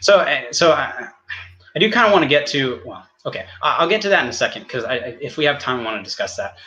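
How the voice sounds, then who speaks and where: A man from the United States cross-examining his opponent in an online debate, talking quickly with many restarts. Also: medium pitch, big pitch swings, sharp tone, highs cut off. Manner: rapid, halting, many restarts.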